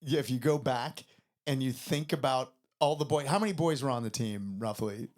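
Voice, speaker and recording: A man's voice: medium pitch, normal speed, a little mellow. A man hosting a podcast interview, chiming in with playful, chuckling asides. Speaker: podcast host. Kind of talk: casual interview.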